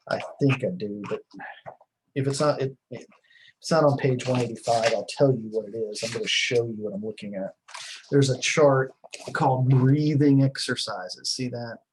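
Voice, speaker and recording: A man's voice: medium pitch, a little hiss or hum, poor audio. A middle-aged man giving a recorded class lecture in a rambling, conversational way, with many fillers and restarts. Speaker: teacher.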